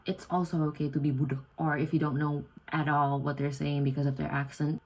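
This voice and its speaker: A woman's voice: vocal fry, darkish tone, breathy edge, poor audio. A young woman from Indonesia, chatting casually to camera in her student room at night. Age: young adult. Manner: chatty, self-deprecating, acts out quoted lines in a higher voice. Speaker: vlogger, exchange student. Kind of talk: casual talking-to-camera vlog.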